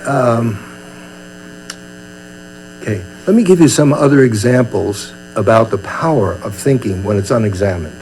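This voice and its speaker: This older meditation teacher from Brooklyn, USA, has a voice on the low side with a darkish tone. He's animated and moves at a moderate pace with long pauses, acting out little scenes in a chatty, humorous dharma talk. The rough recording has a faint mains hum.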